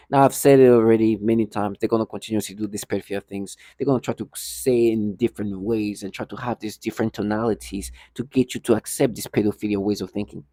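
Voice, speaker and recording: A man's voice: on the low side, warm tone, dry recording, clean studio sound. A man ranting indignantly to the camera in a monologue, repeating himself and stumbling over restarts. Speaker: vlogger. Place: indoor building hallway.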